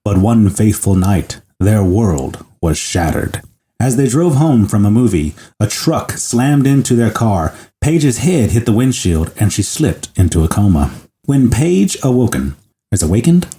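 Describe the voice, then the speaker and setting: Dark-voiced man, dramatic podcast storyteller. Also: fairly low pitch, big pitch swings, measured pace. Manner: joking, dramatic when reading. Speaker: podcast host. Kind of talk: casual chat and story reading.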